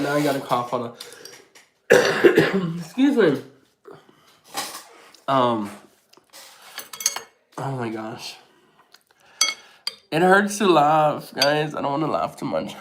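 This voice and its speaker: A man chats casually with his viewers while he eats on camera. He takes his time with each thought and answers comments in a relaxed, unhurried way. He laughs often. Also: fairly high pitch. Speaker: mukbang host. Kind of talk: casual live chat while eating.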